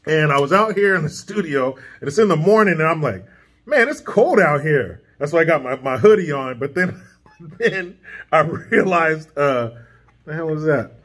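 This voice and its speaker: A man's voice: a little high, normal speed, a bit bright. A man ranting in a profane, combative and sarcastic political commentary vlog, recorded in his home studio.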